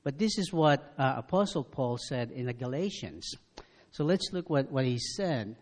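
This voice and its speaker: A man's voice: mid-range voice, expressive, normal speed, darkish tone. A man leading a church meeting, preaching in a conversational way with plenty of fillers. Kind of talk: sermon.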